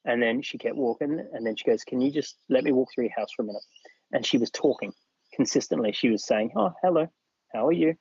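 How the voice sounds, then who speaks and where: A man's voice: mid-range voice, fairly even intonation, quick pace, a little mellow, breathy edge, dry recording, muffled recording. An Australian man recounting a personal experience as a podcast guest, acting out what other people said. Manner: acts out other people's lines while recounting. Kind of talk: personal storytelling in a podcast interview.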